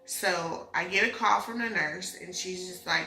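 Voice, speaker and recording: A woman's voice: fairly low pitch, measured pace, pushed and bright. A young woman emotionally retelling her pregnancy story in a casual vlog, acting out the dialogue as she goes. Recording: echoey room with faint music.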